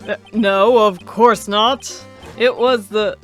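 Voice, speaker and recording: A woman's voice: medium pitch, steady tone, slow pace, a bit bright, faint music behind. A woman voicing an anxious young male defense lawyer, earnest and wry.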